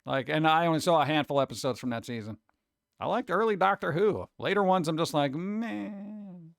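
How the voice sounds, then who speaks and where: A man's voice: on the high side, fast talker, creaky, no room sound, clean studio sound. A man live-streaming, rambling and joking in casual chat as he reacts to viewers.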